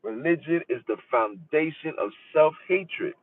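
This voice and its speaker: A man with a fairly high voice delivers an emphatic, repetitive live-stream monologue as a podcast host. He sounds tinny and phone-like, a little away from the mic. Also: animated, unhurried, no room sound, recorded from a distance. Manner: emphatic, preachy, repeats phrases.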